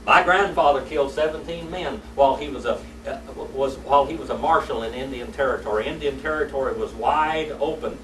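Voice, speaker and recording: A man's voice: mid-range voice, fairly quick, hardly any pauses, a bit bright, slight background noise. A man teaching a church Sunday School class, telling folksy stories and quizzing his students. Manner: folksy storytelling, asks the class questions. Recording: echoey room, mic far off.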